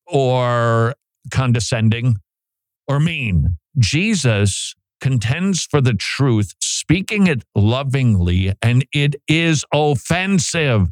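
A man's voice: mid-range voice, lively intonation, takes it slowly, dry recording. A man preaching an expository sermon as a pastor, emphatic, often stammering and repeating words as he builds his points.

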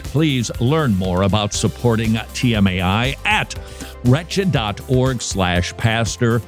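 A man's voice: mid-range voice, takes it slowly, soft background music. A man hosting a radio talk show, chatting in a playful, joking way about church history. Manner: playful, jokey, animated. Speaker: radio host.

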